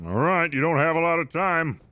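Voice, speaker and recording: A man's voice: a little high, fairly quick, sharp tone, voice pushed up. A man playing a stubborn old sheriff in western roleplay, curt and official. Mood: stern. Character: stubborn old frontier sheriff, gruff and stern.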